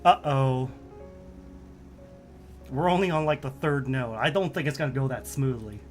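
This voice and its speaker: A man's voice: mid-range voice, moderate pace, faint music behind. A man streaming a game, chatting casually, joking and reading story text aloud. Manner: chatty, joking, laughs often.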